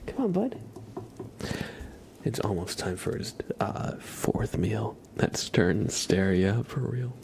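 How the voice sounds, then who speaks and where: A man hosting a live ASMR stream from home, speaking softly and playfully into a close mic. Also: fairly low pitch, takes it slowly, creaky, few pauses, a little hiss or hum. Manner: soft-spoken, chatty, playful. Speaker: ASMR livestream host. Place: at home with his cat.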